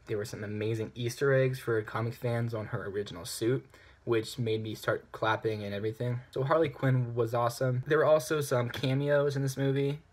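A man giving a casual spoken movie review, animated and ranting, with outbursts of frustration. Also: medium pitch, fairly quick.

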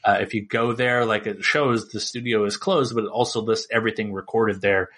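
A man's voice: fairly low pitch, steady tone, brisk, a bit bright. Chatty male podcast co-host. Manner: rambling, lots of fillers and "like". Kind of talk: casual chat.

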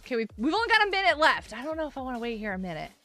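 A woman streaming a game live, chatting and giggling as she greets her viewers. Her voice is high and bouncy, with a wide, animated swing. Faint music plays behind her. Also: rapid-fire.

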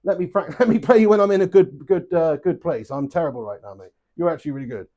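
Young man, casual stream chat, cheeky and sweary, slightly higher voice. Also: fast talker, mellow, muffled recording. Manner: chatty and joking, swears freely, calls viewers lad and mate. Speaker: live stream host playing webcam darts.

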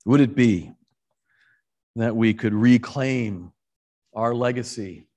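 A man preaching a conversational sermon as a parish priest, animated, often correcting himself and talking to the congregation directly. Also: medium pitch, slow pace. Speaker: priest and rector. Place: church.

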